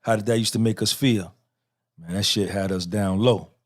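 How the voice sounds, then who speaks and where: A man's voice: fairly low pitch, steady tone, moderate pace. A middle-aged man hosting a podcast, giving a profane, repetitive motivational monologue and talking back and forth with himself. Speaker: podcast host.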